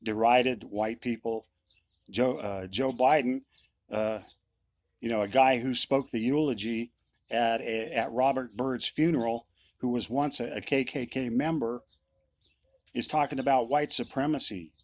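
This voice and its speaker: A man's voice: mid-range voice, steady tone, measured pace, a little mellow, dry recording. Blunt, insistent man, dry sound. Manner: blunt, insistent, repeats his points. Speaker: musician. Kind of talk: opinion monologue.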